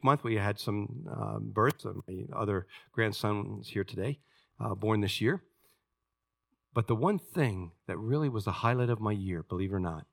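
An older man, a pastor, preaching a sermon in a conversational storytelling way, with frequent restarts. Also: fairly low pitch. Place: church.

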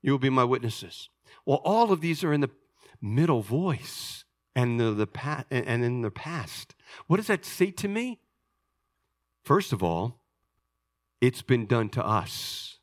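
A man preaching a sermon as pastor, explaining patiently and swinging between loud emphasis and hushed, low asides. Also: very animated, slow pace, long pauses, no echo, clean studio sound.

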